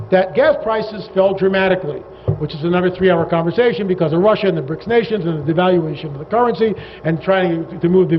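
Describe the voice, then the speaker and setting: A man giving a lecture to a live audience, animated and sarcastic, wandering off on digressions. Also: high-pitched. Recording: dull reverberant hall recording with faint noise.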